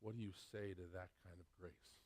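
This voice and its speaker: A pastor preaching a sermon, retelling a story with animated, stammering repeats. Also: male voice, low voice, brisk.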